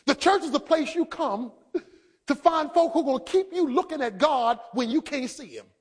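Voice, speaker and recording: A man preaching a sermon. He drops to quiet asides and then builds to shouted emphasis, acting out quoted voices. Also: extremely high pitch, expressive, moderate pace. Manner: dramatic, acts out quoted speech.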